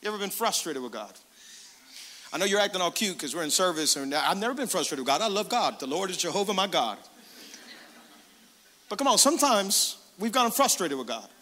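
A man preaching a sermon as pastor, energetic, calling out to the congregation and acting out prayers in his own voice. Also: sits high, a little fast, pauses often, in a large hall. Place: church sanctuary.

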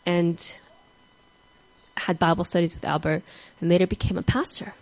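A woman telling a story in a sermon in an earnest way, sometimes dropping to a soft whisper on key words. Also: on the low side, fairly even intonation, moderate pace, poor audio. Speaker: speaker giving a devotional talk.

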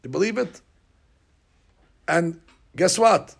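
A man teaching a Talmud class, telling stories in an animated way and acting out the lines. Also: high-pitched, slow pace, vocal fry, breathy edge. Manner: animated storyteller, acting out lines with rising shouts. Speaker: Torah teacher.

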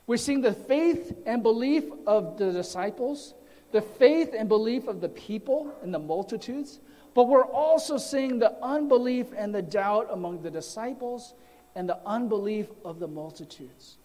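A man, a pastor, teaching a sermon in a deliberate way, his voice trailing off quietly at the ends of phrases, in a church sanctuary. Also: high-pitched, expressive. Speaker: pastor teaching a Bible study. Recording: long reverb of a large hall.

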